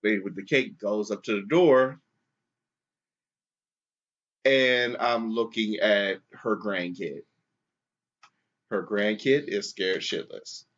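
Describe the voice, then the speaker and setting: With a fairly low voice, a slow pace, and long pauses, a podcast co-host swears his way through a casual story and acts out the people in it. It's captured in dull, lo-fi sound.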